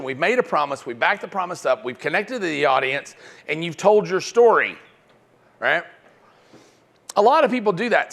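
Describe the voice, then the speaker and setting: Brief: lively, slightly high-pitched male sales trainer, punchy and conversational. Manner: energetic, punctuates points with "right?". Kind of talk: live seminar talk.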